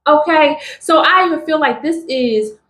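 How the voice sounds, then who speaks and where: A woman's voice: high voice, normal speed, fairly bright tone, roomy sound. A woman giving an emphatic spiritual tarot reading to her viewers. She keeps repeating catchphrases to them. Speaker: tarot reader.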